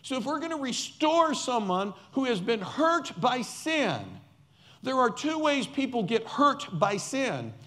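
A man's voice: extremely high pitch, sing-song, measured pace, a bit bright. A man preaching a sermon as pastor, emphatic and repeating key words for stress, with playful asides.

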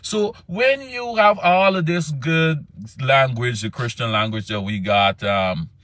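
A man's voice: slow, fairly bright tone, no room sound. Fervent preaching man, dry sound. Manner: fervent, voice climbs high when acting out pleas. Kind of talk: sermon.

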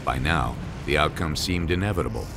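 A man reading scripted documentary narration in a measured, solemn way. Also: a bass voice, vocal fry. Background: music.

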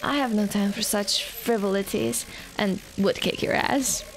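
A woman's voice: mid-range voice, measured pace, soft background music, close to an everyday voice, rough recording. Haughty robotic queen villain, formal and dismissive, put on by a woman streamer; game soundtrack faint behind. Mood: disdainful. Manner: hoity-toity, formal and dismissive.

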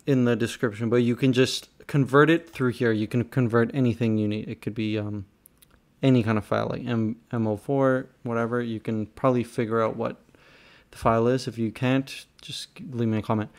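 A man's voice: mid-range voice, fairly even intonation, normal speed, a little mellow. A man casually explaining a tech fix to viewers, a bit heated and rambling, with fillers and restarts. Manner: frustrated, rambling, talks to viewers directly. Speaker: tech tutorial host. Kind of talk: casual screen-recorded tutorial.

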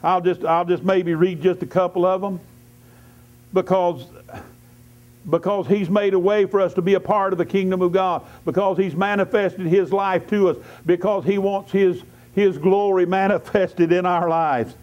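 Fervent high-voiced preacher man. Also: steady tone, normal speed. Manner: fervent, repetitive declarations punctuated by hallelujahs. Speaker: lay preacher. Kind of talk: evening church sermon. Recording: dull lo-fi church service recording.

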